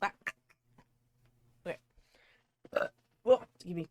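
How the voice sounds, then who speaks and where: A woman's voice: takes it slowly, dry recording. A woman in a book club chatting casually, hesitant, with many fillers. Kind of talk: casual chat.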